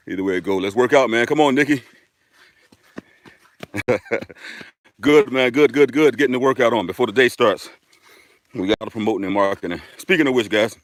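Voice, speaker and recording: A man's voice: medium pitch, fairly quick, dry recording. A man hosting a casual live stream outdoors, chatting upbeat and directly to his viewers while walking a dirt road.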